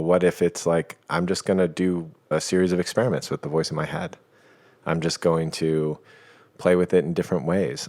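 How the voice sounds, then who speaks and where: A man talking as a podcast guest, explaining ideas in a calm, reflective and playful way. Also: low-pitched, creaky. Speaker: guest, coach. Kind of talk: reflective conversation.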